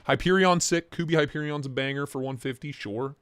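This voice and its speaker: Young male host, jokey and excitable, slightly high voice, dry home-office sound. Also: a little fast, smooth, no echo. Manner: excitable, joking, reacts to chat. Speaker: livestream host reviewing knives. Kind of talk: casual live-stream chat.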